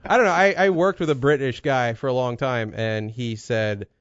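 A man's voice: mid-range voice, moderate pace, no echo, highs cut off. A man co-hosting a casual podcast chat, rambling and profane, telling stories with lots of energy. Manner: rambling, profane, animated storytelling. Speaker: podcast co-host.

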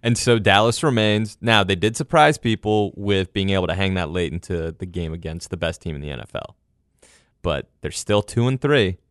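A man with a fairly low voice in casual sports banter, opinionated and mocking, laughing often. The sound is dry and close to the mic. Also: lively intonation, moderate pace, dry recording. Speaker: podcast co-host.

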